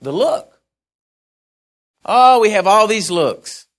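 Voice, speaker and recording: A man's voice: high-pitched, very animated, takes it slowly. A man preaching a sermon in a conversational way, musing aloud and often correcting himself.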